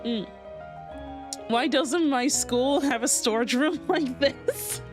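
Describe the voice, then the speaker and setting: A woman streamer reading a game aloud with giggly, animated commentary. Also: high voice, takes it slowly, music in the background.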